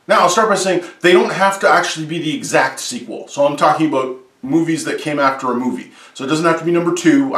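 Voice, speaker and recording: A man's voice: a little high, fairly bright tone, reverberant, distant mic. A man hosting a comedic top-list movie review, sarcastic and full of jokey asides.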